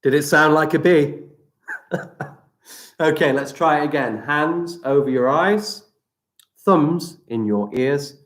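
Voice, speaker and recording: A man teaching children breathing exercises during a live stream, giving slow, gentle, step-by-step instructions. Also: fairly high pitch. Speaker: primary school teacher. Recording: echoey room.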